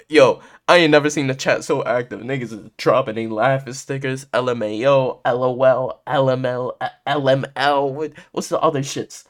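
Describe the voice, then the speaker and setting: A man's voice: mid-range voice, steady tone, normal speed. A young man hosting a podcast, casually telling a story in heavy slang and laughing often. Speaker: podcast host.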